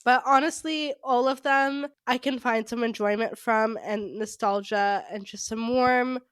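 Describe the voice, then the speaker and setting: Woman podcast co-host, fairly high voice, gushing and rambling, close dry mic. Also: steady tone, unhurried, clear, resonant tone, dry recording. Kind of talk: casual fan podcast chat.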